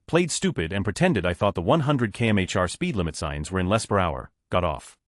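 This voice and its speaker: Deep, fast-reading male story narrator. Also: animated, dry recording, studio quality. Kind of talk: reading Reddit stories aloud.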